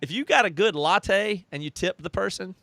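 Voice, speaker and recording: A man's voice: high voice, normal speed, gravelly, a bit bright, no room sound. A man co-hosting a casual livestream chat, earnest and rambling, often restarting his sentences. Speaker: co-host and recording engineer.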